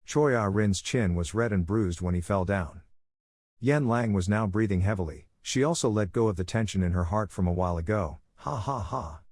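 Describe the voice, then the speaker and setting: Guy reading a comic recap, steady and even, low voice, super dry close mic. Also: normal speed, dry recording. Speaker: recap narrator. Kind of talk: scripted story narration.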